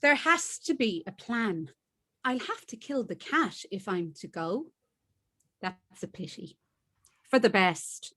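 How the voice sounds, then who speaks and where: A woman's voice: medium pitch, very animated, slow pace, a bit bright, breathy edge, pitched below the performer's own voice, full character voice. A woman reading as a fed-up woman plotting to leave her man, in a dry, matter-of-fact way over a video call. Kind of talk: author reading from her novel.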